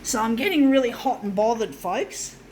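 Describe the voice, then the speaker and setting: A woman narrates her own craft demo on a sweltering day, shaking, sweating and venting her frustration to the folks watching. She swears freely and talks herself through setbacks. Her voice sits somewhat high, with faint background noise behind her. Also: lively intonation, moderate pace, darkish tone, low-quality recording. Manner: swears often, keeps addressing viewers as folks. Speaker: vlogger demonstrating a craft. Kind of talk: frustrated casual monologue while working.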